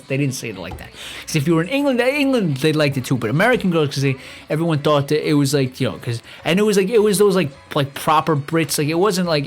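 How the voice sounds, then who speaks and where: A man's voice: fairly high pitch, lively intonation, brisk. Rambling, profane young man ranting. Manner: rambling, profane, stammering restarts. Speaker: podcast host. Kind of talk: casual rant.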